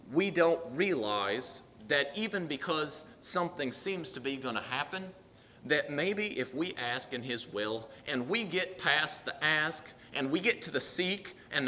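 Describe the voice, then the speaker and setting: A man preaching a sermon in an earnest, pleading way, with loud emphatic bursts. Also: fairly high pitch. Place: church sanctuary. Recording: long hall reverb.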